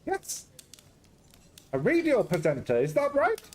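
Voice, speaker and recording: A man's voice: very high voice, huge pitch swings, measured pace, voice pushed up, exaggerated voice. A man putting on a chatty Greek-Scottish restaurant owner. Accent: put-on Greek-Scottish. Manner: chatty, warm, exclaiming. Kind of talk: reading game dialogue aloud.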